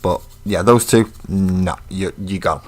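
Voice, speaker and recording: A man's voice: low voice, a little slow, a little mellow. A man chatting casually on a live stream while he paints miniatures, laid-back and rambling, and blunt with trolls.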